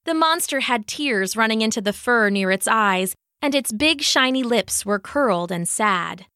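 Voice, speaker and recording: Bright, expressive woman storyteller. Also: mid-range voice, normal speed, hardly any pauses, dry recording, clean studio sound. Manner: gentle, expressive. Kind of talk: children's story narration.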